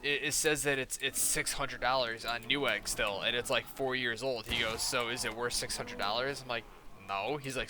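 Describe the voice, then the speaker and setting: Bright-voiced ranting young gamer guy. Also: medium pitch, steady tone, moderate pace, slight background noise. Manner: profane, ranting, quoting others in a mocking tone. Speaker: gaming streamer. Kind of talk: casual gameplay chat.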